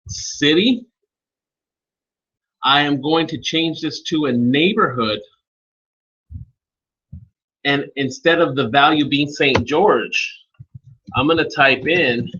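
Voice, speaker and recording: A man hosts a live software training webinar, his voice bright and forward. He talks informally and turns to attendees by name as he explains each step. The audio is a little dull and lo-fi. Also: fairly high pitch, slightly rough.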